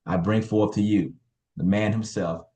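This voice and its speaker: A man's voice: lowish voice, fairly even intonation, moderate pace, warm tone. Hype-driven man hosting a team call. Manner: hype-driven, repeats names and phrases. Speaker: call host. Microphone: video call.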